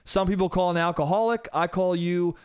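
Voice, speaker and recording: Young male solo podcaster, slightly high voice, swears a lot, says "bro" constantly. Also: brisk, clear, resonant tone, no echo, clean studio sound. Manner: profane, animated, frequent "bro" and "dude". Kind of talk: casual storytelling monologue.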